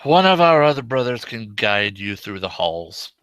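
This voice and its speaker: A man's voice: fairly low pitch, very animated, normal speed, fairly bright tone, clean tone, no echo. A man voicing the courteous male leader of an underground brotherhood, speaking formally and unhurriedly.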